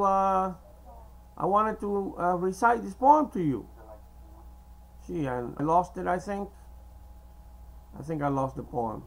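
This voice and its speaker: A man whose first language is Spanish, talking in a hesitant, meandering monologue to camera with many filler pauses. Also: on the high side, creaky, poor audio. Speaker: video blogger. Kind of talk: casual rambling monologue to camera.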